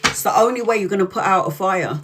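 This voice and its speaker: Woman tarot reader on a casual live stream, blunt and foul-mouthed, leans on slowed-down words. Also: mid-range voice, background noise. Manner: blunt and profane, emphatic; drawls key words slowly for emphasis.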